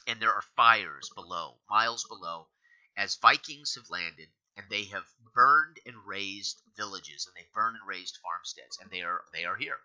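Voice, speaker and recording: A man's voice: fairly low pitch, pushed and bright. A man acting as game master, recapping a tabletop game session in rambling storytelling with many fillers. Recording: dull lo-fi recording.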